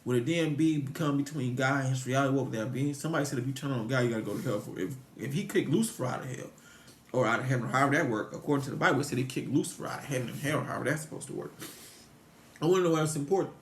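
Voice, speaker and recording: Fast-talking rambling man, echoey room. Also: mid-range voice, a little hiss or hum. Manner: meandering, repetitive, frequent restarts, rhetorical questions. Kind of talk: rambling religious musing to viewers.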